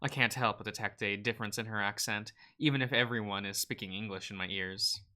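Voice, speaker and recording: A man's voice: fairly low pitch, steady tone, a little fast, bright, forceful tone. A man hosting a let's play, reading a visual novel aloud with playful, wry asides between the narration.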